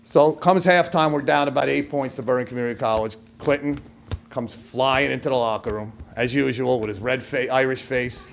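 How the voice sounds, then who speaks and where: A man's voice: medium pitch, moderate pace, vocal fry. New York man giving an acceptance speech. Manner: storytelling, acts out quoted voices, trailing asides. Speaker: hall of fame inductee.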